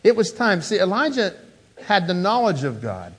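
A man preaching an earnest sermon, swinging between loud emphasis and hushed softness and often repeating words. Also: sits high, very animated, moderate pace, slightly rough. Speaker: pastor.

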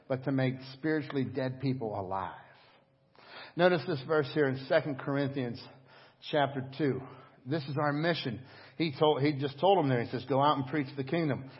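A middle-aged man preaching a sermon as pastor, telling stories in an animated, conversational way. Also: medium pitch, normal speed, husky. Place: church service. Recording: dull echoing church hall audio.

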